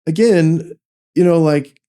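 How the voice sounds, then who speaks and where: A man's voice: fairly high pitch, slow, mellow. A middle-aged man, a finance executive, telling career stories in an interview, rambling with restarts and acting out quoted dialogue. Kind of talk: conversational interview storytelling.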